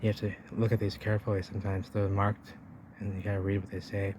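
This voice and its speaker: A man's voice: fairly low pitch, completely flat delivery, fast, background noise. A man narrating an exploring vlog outdoors, rambling to viewers while he walks and points things out. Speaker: vlogger. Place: outdoors by a river wall.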